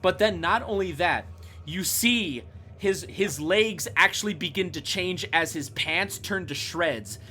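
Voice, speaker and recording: Man, game master, slow deliberate narration, bright tone, faint background noise. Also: high voice. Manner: slow, descriptive, with small self-corrections.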